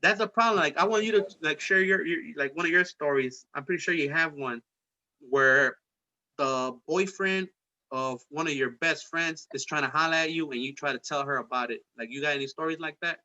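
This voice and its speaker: A young man hosting a casual chat, telling stories in a profane, animated way. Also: a little high, a little fast, dull audio. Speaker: host.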